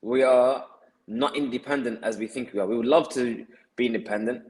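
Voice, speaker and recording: A male podcast guest explains his ideas at length in a mid-pitched voice. He is earnest and often circles back over his words as he builds each point. His delivery stays conversational throughout. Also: brisk, a little mellow, rough recording. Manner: earnest, explaining, many restarts and repeated words.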